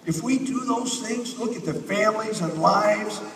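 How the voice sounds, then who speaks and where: Man, high voice, rousing conference speech, repetitive rally lines, echoey hall from far off. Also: moderate pace, fairly bright tone. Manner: rousing, repetitive, rallies the audience. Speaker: company leader speaking at a conference. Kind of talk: motivational stage speech.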